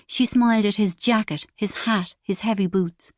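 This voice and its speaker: A woman's voice: medium pitch, moderate pace, few pauses, no room sound, studio quality. Woman narrating an audiobook.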